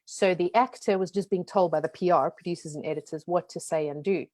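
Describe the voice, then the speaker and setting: Frank woman with a softened South African accent. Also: lowish voice, no room sound. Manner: lively, frank, talks in quick runs. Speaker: guest, brand strategist. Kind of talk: casual interview chat.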